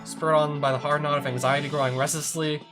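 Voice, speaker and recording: A man's voice: fairly high pitch, level tone, brisk. A man narrating a visual novel, reading the hero's tense inner monologue. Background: background music.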